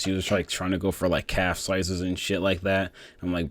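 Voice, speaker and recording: A young man with a low voice talks through fight results in a loose, unscripted way. He swears a lot, trails off and restarts his sentences. The sound is dry and close, with no room echo. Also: little pitch movement, brisk, hardly any pauses. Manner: rambling, profane, many fillers and restarts. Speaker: MMA commentator giving fight reactions. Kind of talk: casual solo commentary.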